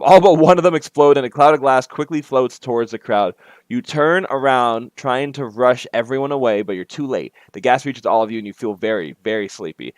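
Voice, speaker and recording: A man's voice: medium pitch, expressive, a little fast, dry recording. A man reading a game he made aloud, with casual asides and self-corrections. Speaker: game maker and narrator.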